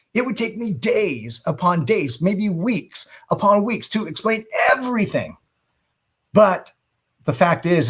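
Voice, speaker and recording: Middle-aged male seminar trainer, slightly high voice, persuasive, keeps asking the room rhetorical questions. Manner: emphatic with frequent asides. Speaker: webinar marketing trainer. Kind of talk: live seminar teaching.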